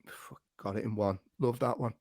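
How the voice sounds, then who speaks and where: A man's voice: fairly low pitch, fairly even intonation, moderate pace, darkish tone, no echo, clean studio sound. An English man hosting a podcast in casual, teasing, sweary banter, laughing often. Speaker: podcast host. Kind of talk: casual chat.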